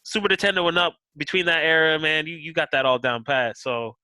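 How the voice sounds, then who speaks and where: Host man, bright voice, slangy hesitant chat, dry close mic. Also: on the high side, fairly even intonation, brisk, clean tone, no echo, low-quality recording. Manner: hesitant, filler-heavy, slangy. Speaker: podcast host. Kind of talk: casual podcast chat.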